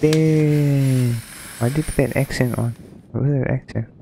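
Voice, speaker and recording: A man's voice: medium pitch, fairly even intonation, fast talker, creaky, background noise. A man giving casual, rambling let's-play commentary, hesitant and full of ums. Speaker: gaming streamer.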